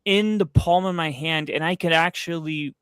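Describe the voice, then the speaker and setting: A man's voice: fairly high pitch, normal speed, fairly bright tone, clear, resonant tone, no echo. A young man hosting a casual sports podcast, telling a story with loose fillers and frequent swearing. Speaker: podcast host. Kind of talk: casual chat.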